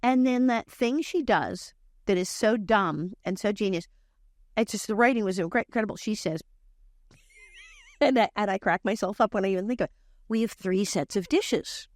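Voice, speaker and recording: A woman's voice: mid-range voice, normal speed, no echo, studio quality. A woman in her sixties with a Vancouver accent, telling stories animatedly as a podcast guest and laughing at her own tales. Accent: Vancouver Canadian. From Canada. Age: 60s. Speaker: guest, former child actor. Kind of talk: animated storytelling chat.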